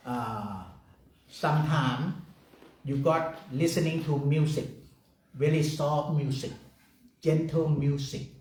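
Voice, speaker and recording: A man's voice: medium pitch, a little mellow, a little hiss or hum. A man teaching a guided meditation in simple, broken English, laughing often and repeating phrases in a meditation room. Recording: echoey room, far from the mic.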